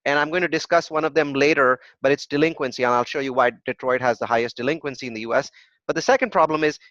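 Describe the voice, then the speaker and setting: A man's voice: fairly high pitch, fairly bright tone, no echo. A man teaching a real estate investing workshop. He talks emphatically, poses rhetorical questions, answers them himself, and tags his points with "right?". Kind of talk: live workshop presentation with web demos. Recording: dull, dry lo-fi recording.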